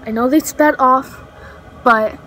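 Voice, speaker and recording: A woman's voice: sits high, slow, bright, forceful tone, a little hiss or hum, poor audio. A teenage girl telling a story in a casual vlog, rambling with lots of fillers and self-corrections. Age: teens. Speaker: vlogger.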